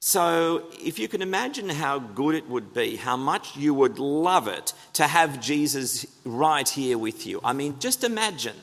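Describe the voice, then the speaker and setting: A man's voice: a little high, expressive, unhurried, hardly any pauses, a bit bright. A man preaching an earnest, emphatic sermon in a church, asking the congregation rhetorical questions. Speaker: pastor. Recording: long reverb of a church hall.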